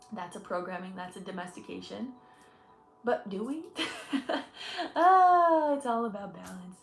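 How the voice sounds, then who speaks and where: A woman's voice: mid-range voice, gravelly, roomy sound, slight background noise. A woman in her twenties from Michigan hosting a casual livestream chat as an energy healer. She talks chattily and effusively, laughing often and thanking viewers. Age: 20s.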